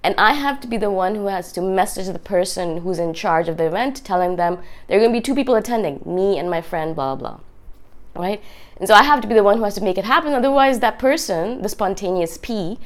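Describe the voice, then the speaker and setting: A woman hosting her own channel, talking casually to camera in a voice made raspy and hoarse by a cold, chatty and often checking in with "right?". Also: mid-range voice, lively intonation, brisk. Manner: chatty, keeps asking "right?". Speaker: video host.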